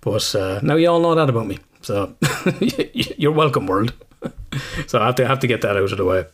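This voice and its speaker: A man's voice: lowish voice, expressive, fast. A man with an Irish accent, co-hosting a casual podcast chat, rambling, swearing freely and laughing at himself. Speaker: podcast co-host.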